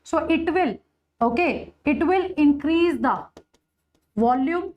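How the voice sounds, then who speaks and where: A high-pitched woman with an Indian English accent lectures on biology. She repeats each key point, and checks in with her students often. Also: expressive, takes it slowly, muffled recording. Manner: addresses students with Hindi endearment "bache". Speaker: biology teacher. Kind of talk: online exam-prep lecture.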